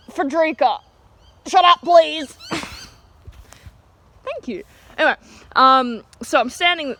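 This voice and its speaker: A woman's voice: high-pitched, fairly bright tone, a little hiss or hum. A teenage girl with an Australian accent, telling a story in a chatty, giggly way with lots of fillers, recorded outdoors. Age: teens. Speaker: vlogger. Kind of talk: storytime rant.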